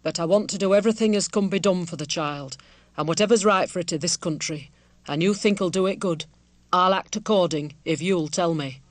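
A woman voicing a timid, lonely weaver in an audiobook, speaking quietly and hesitantly. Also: lowish voice, a little fast, no echo, natural voice. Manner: quiet, hesitant, soft-spoken. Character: timid lonely man, a reclusive village weaver.

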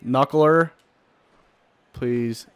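A man's voice: medium pitch, extremely slow. A young man giving casual, swear-filled commentary while playing a video game, chatting to himself and the screen. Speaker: gaming channel host.

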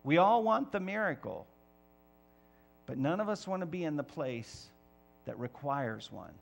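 A man preaching a sermon as pastor of a church, lively and emphatic, sometimes rising to near-shouts. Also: on the high side, unhurried, creaky, soft background music.

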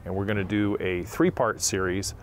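A man's voice: low voice, fairly even intonation, moderate pace, very noisy. Folksy man at a plant nursery. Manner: folksy, chatty, with frequent fillers. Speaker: landscaping channel host. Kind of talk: casual how-to vlog.

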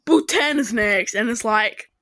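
A young woman giving casual reaction commentary to animated videos, exclaiming and firing questions at the characters on screen. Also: a little high, a little slow, very noisy.

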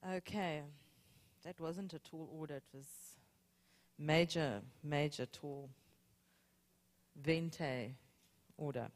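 A woman's voice: low voice, slow, pauses often, big-room sound. A woman, a guest preacher teaching from scripture with playful emphasis. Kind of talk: sermon. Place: church sanctuary.

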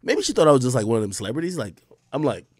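A man's voice: mid-range voice, big pitch swings, rapid-fire, darkish tone, breathy edge, no echo, studio quality. A young man from the Bronx, telling a rambling, profane story as a streamer host. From the Bronx, New York. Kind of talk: casual storytelling monologue.

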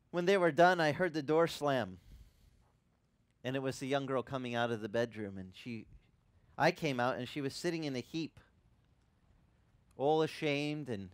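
Guy pastor preaching, chatty storytelling that gets loud and high when he's fired up, dry close sound. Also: no echo. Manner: conversational storytelling, rising in pitch and volume when impassioned. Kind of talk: sermon. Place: church ministry in Hawaii.

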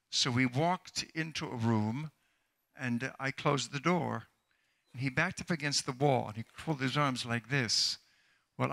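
A man's voice: mid-range voice, creaky, pushed and bright. An older male preacher telling a healing testimony in a church sermon, building into fervent exhortation to the congregation. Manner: storytelling, then rising into fervent exhortation. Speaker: traveling preacher.

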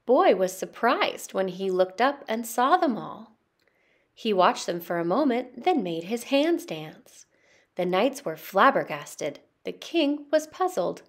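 A woman interpreter giving a voice-over of a children's storybook, telling it slowly and dramatically. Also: medium pitch. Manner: slow, expressive, dramatic storytelling. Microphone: studio voice-over.

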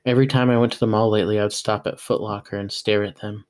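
A man with a low voice reads a novel aloud. He tells the story in a steady, plain way, letting the narration carry without fuss. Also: fast talker. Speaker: audiobook reader.

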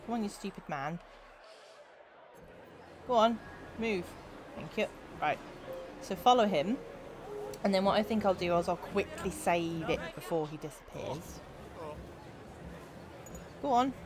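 A woman's voice: medium pitch, lively intonation, a little slow, long pauses, crowd noise, background noise. A young woman streaming a video game, chatting and giggling with her viewers as she plays. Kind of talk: casual gameplay commentary.

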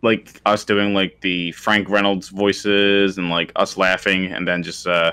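A man with a somewhat low voice, chatting casually as a podcast co-host. He rambles through his ideas with plenty of restarts and filler words. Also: little pitch movement, unhurried, sharp tone, smooth. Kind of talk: casual chat.

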